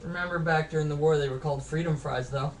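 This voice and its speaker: A woman's voice: low voice, steady tone, fast talker. A woman chiming in from off to the side of a casual home vlog with brief, dry remarks. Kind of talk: casual chat.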